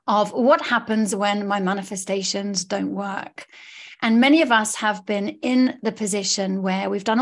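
A woman hosting a casual podcast as a coach, upbeat and gushing. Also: medium pitch. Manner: upbeat, gushing, warm encouraging patter. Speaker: podcast host, law of attraction coach. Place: studio.

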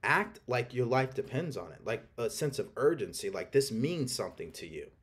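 A man's voice: medium pitch, big pitch swings, normal speed, a bit bright, slightly rough. A man hosting a podcast, giving an emphatic motivational talk with a coaching tone. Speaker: podcast host.

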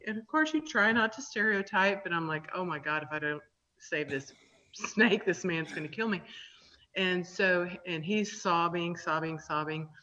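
A woman veterinarian, a guest on a radio interview, tells stories in a chatty way, laughing and using many ums and uhs. Her voice is deep with a sharp tone, and the radio audio is dull and lo-fi.

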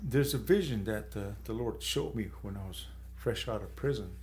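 A man's voice: animated, moderate pace, a little mellow, slight background noise. A man from the San Carlos Apache reservation giving a personal testimony as a street evangelist, growing emotional and tearful. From San Carlos Apache reservation, Arizona. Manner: emotional, rising high when moved, tearful.

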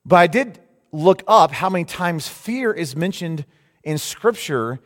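A man preaching a sermon as pastor, lively and animated, rising into loud mock cries of alarm now and then. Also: a little high, measured pace. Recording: long hall reverb.

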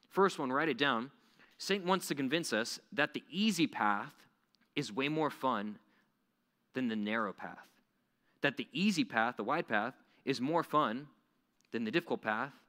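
A man's voice: mid-range voice, bright, forceful tone. A young man giving a casual, conversational sermon, acting out quoted voices. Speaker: preacher.

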